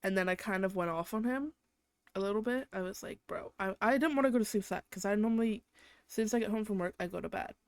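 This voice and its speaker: A young woman runs a solo podcast where she complains, cursing constantly and blowing things out of proportion, about petty annoyances and her boyfriend. Her medium-pitched voice is fast, clear and resonant, and the recording is dry.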